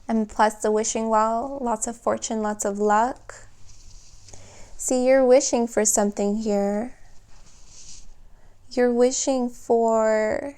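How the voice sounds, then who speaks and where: A woman's voice: a little high, fairly even intonation, takes it slowly, pauses often, dark tone, clear, resonant tone. A woman giving a tarot reading, thinking aloud and often exclaiming with emotion. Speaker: tarot reader.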